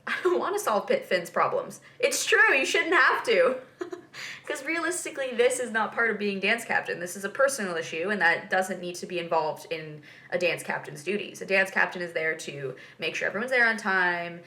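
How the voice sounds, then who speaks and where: A woman's voice: medium pitch, normal speed, sharp tone. A young woman hosting a vlog, chatting casually and laughing often as she reacts to a TV episode. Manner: chatty and giggly, lots of fillers and asides.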